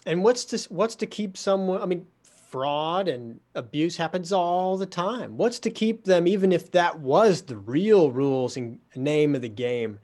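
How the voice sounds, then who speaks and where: A man telling a story in casual talk, lively, sardonic and poking fun at himself. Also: a little high, a little slow. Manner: lively, sardonic, self-mocking.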